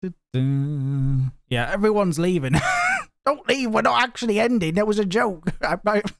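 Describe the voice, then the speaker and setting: A man's voice: sits high, expressive, measured pace, creaky, pauses often, fairly bright tone, dry recording, studio quality. A man chatting casually with his live viewers, joking and laughing often. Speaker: livestreamer.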